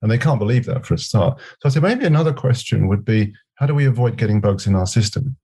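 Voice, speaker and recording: A man's voice: mid-range voice, lively intonation, fast talker, warm tone, husky. A middle-aged man, a guest on a podcast, speaking reflectively and telling anecdotes with quoted back-and-forth. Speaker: podcast guest, scrum master. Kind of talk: conversational interview.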